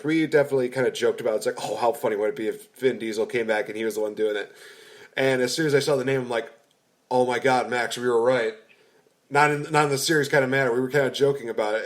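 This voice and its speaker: A man co-hosting a podcast, chatting casually and enthusiastically about a film, rambling with frequent restarts. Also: mid-range voice. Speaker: podcast co-host. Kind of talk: casual movie review chat.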